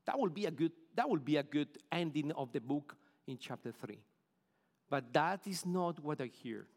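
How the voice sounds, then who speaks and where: Earnest middle-aged Colombian preacher, echoing hall. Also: male voice, on the high side, lively intonation, normal speed. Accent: Colombian Spanish. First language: Spanish. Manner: earnest, repeats words while searching for phrasing. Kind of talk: sermon. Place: church sanctuary.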